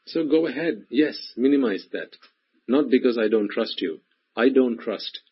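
A man's voice: mid-range voice, expressive, measured pace, slightly rough. A man giving a sermon in an emphatic style, repeating phrases and speaking directly to the listeners. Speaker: preacher. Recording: dull lo-fi recording.

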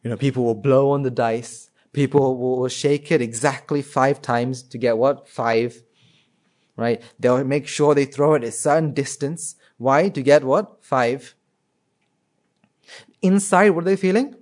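A man's voice: mid-range voice, moderate pace, darkish tone. A man with a mid-range voice giving an informal talk. He keeps asking his listeners rhetorical questions and answers them himself. He often stumbles and restarts his sentences. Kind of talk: informal spoken talk to an audience.

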